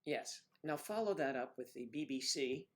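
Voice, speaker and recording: A man's voice: mid-range voice, expressive, moderate pace. A man hosting a casual livestream, chatting to viewers by name and drifting from one topic to the next. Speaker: livestream host.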